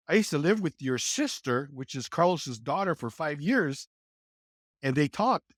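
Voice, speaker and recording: A man in his sixties from California, a podcast guest telling his life story in a casual, animated way and acting out the quoted dialogue. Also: unhurried, no echo, clean studio sound. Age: 60s. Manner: animated, acts out quoted dialogue with lively pitch jumps. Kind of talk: conversational storytelling.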